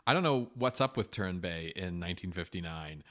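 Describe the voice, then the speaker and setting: A man co-hosting a podcast in casual chat, animated and swearing, often acting out what people say. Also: low-pitched, brisk. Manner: animated, swearing, acts out quotes. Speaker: podcast co-host.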